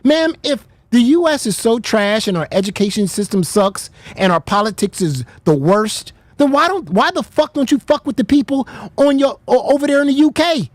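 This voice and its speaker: A woman's voice: a little high, expressive, normal speed, no room sound. Blunt, profane American woman host. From United States. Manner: blunt and profane, mocking with laughter. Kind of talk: heated reaction commentary.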